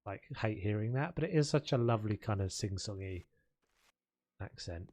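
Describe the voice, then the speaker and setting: A man's voice: lowish voice, expressive, normal speed, a little mellow, dry recording. A young man with a South London accent chatting casually on a live game stream, laughing often and trailing off mid-thought. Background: faint background music.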